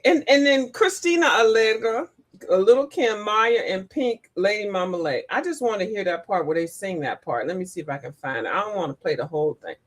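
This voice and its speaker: A woman hosting a casual livestream, animated, laughing often and breaking into sung and mimicked lines. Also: medium pitch. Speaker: livestream host. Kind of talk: casual live chat.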